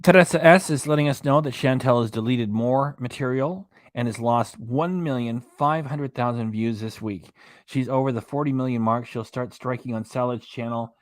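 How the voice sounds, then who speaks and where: A man's voice: medium pitch, normal speed, dry recording, studio quality. A man hosting a casual livestream, reading viewer comments aloud and rambling between topics. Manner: rambling, chatty, reads out chat messages and web pages. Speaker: host of a reaction livestream.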